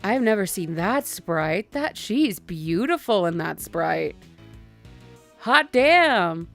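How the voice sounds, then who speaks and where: Woman streamer, lively pitch, raised voice, casual commentary, faint music. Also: slow pace. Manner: laughing, swearing, animated.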